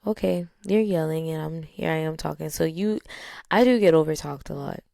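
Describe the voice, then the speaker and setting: A woman hosting a podcast in a casual, reflective way. She talks in a low, even tone that stays calm and steady, with many "um"s and "like"s. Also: normal speed, gravelly, no room sound, studio quality. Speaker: podcast host.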